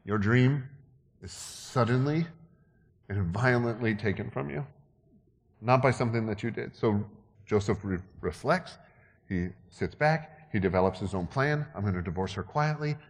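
Guy preaching a sermon, casual and jokey, gets loud and emphatic, big echoey church. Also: mid-range voice, measured pace, long pauses. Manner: conversational, joking asides, builds to emphatic peaks. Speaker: pastor. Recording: long hall reverb.

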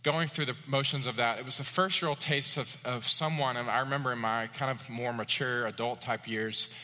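A man's voice: steady tone, moderate pace, sharp tone. A man preaching a sermon, telling personal stories with many fillers and rising to emphatic peaks. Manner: rising to emphatic high-pitched peaks on key points; personal storytelling with frequent fillers. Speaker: pastor. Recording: long hall reverb.

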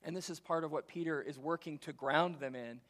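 A man delivers a relaxed, conversational sermon as pastor, now and then putting on quick voices for biblical characters. His voice sits a little high for a man. The sound rings out with the long reverb of a large church sanctuary.

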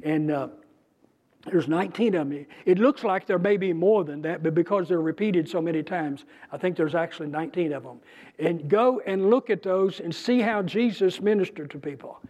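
Male preacher, high voice, talks through scripture conversationally with emphasis. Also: darkish tone. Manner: conversational, emphatic, with pauses and restarts. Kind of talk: bible teaching.

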